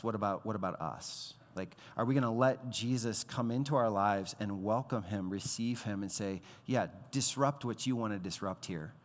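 A man in his thirties preaching a sermon as pastor, conversational and animated, acting out the voices he quotes. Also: lowish voice. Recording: long hall reverb.

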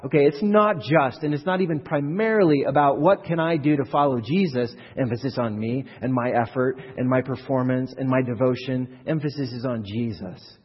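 Man, pastor, sermon, husky voice, long hall echo. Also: medium pitch, moderate pace, few pauses. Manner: animated, acts out quoted voices, repeats words. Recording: muffled hall recording from a distance.

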